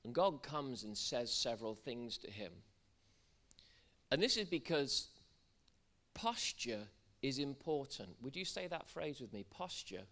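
His voice sits mid-range and has a sing-song lilt, measured pace, and a touch of brightness. He's a man from Wales preaching at a church service, bantering with the congregation and rising to fervent declaration.

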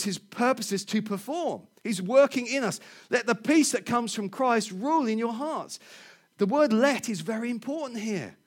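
Middle-aged preacher guy, high voice, lively storyteller, laughs a lot. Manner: animated storyteller, laughs often, repeats words. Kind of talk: sermon with personal story.

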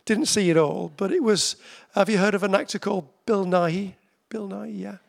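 Gravelly, high-voiced preacher. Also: male voice. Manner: conversational, with slow emphatic repetitions. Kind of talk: sermon.

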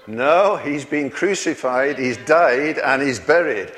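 A man delivers a sermon with a homely, chuckling manner, tossing rhetorical questions to his listeners. His voice sits at an ordinary pitch for a man. A long reverb trails behind him in a large hall. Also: lively intonation, takes it slowly, a bit bright. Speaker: preacher.

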